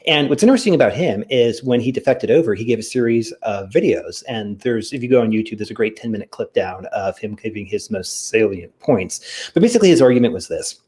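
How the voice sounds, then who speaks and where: A man's voice: on the low side, expressive, brisk, few pauses, darkish tone. A man co-hosting a podcast, explaining at length in a casual way, with frequent "you know" fillers. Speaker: podcast co-host. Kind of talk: casual discussion.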